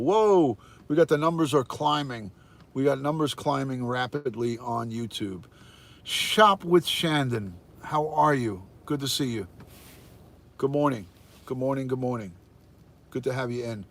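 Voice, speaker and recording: A man's voice: medium pitch, a little slow, gravelly. An older American man hosting a casual live stream from his phone, cheerfully greeting viewers by name and calling out the viewer count. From United States. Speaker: livestream host, retired detective.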